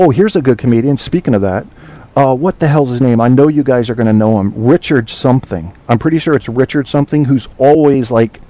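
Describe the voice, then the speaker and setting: A man's voice: medium pitch, mellow. A man hosting an online talk show, chatting casually with listeners, rambling, swearing and trailing off while he hunts for names. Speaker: podcast host.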